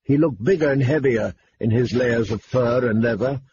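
Guy reading a fantasy audiobook, steady and calm, muffled lo-fi sound with a little hiss. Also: medium pitch, normal speed. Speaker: audiobook narrator. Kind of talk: scripted narration. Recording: dull lo-fi with faint hiss.

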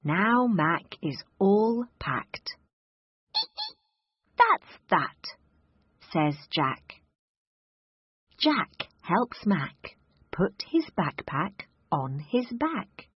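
A woman's voice: mid-range voice, very animated, drawn-out words, slightly rough, no echo, muffled recording. A woman reading a children's picture book aloud in a sing-song, exaggerated storybook manner.

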